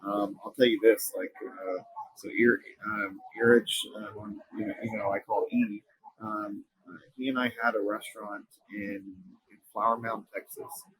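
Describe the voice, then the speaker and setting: A man with a husky, slightly breathy voice recounts a personal story as an interview guest. He talks earnestly, often stopping and restarting mid-sentence. The sound is dry and close. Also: fairly low pitch, no room sound, poor audio. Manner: earnest, halting, frequent restarts. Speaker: company co-founder, interview guest.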